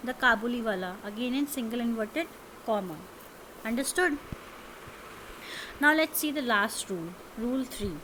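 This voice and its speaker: A woman teacher with an Indian English accent explaining grammar rules slowly, checking understanding with frequent questions. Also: fairly high pitch, animated, a bit bright, a little hiss or hum, low-quality recording. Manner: slow, explanatory, repeats and quizzes with "understood?". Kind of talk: classroom grammar lesson.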